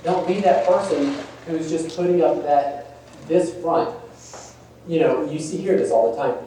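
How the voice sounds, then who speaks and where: A man's voice: on the high side, measured pace, mellow. A man giving a conversational workshop talk on email marketing, asking the audience questions and poking fun at stiff wording. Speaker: workshop presenter. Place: large meeting room. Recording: echoey room, distant mic, faint room noise.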